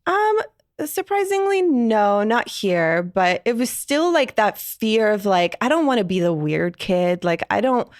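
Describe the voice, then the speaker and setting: A woman's voice: medium pitch, sing-song, measured pace, no echo, studio quality. A woman from Iran, a podcast guest telling her personal story candidly, reflective and full of "like" fillers.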